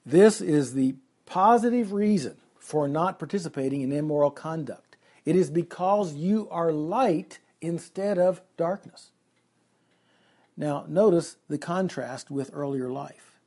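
Husky-voiced man preaching a sermon. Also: on the high side, unhurried, dark tone. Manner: earnest teaching, reading scripture aloud and explaining it. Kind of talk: expository sermon.

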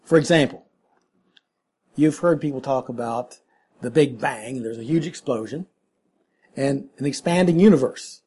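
A man's voice: mid-range voice, unhurried, pauses often, darkish tone, breathy edge. A middle-aged man preaching a sermon, reading scripture and then explaining it in an earnest, conversational teaching manner. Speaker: pastor.

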